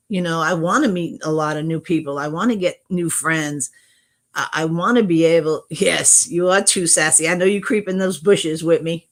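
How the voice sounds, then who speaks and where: A middle-aged woman chatting casually on her livestream, greeting viewers from chat and talking with frequent restarts. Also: on the low side. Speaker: livestream host. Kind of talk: casual live-stream chat.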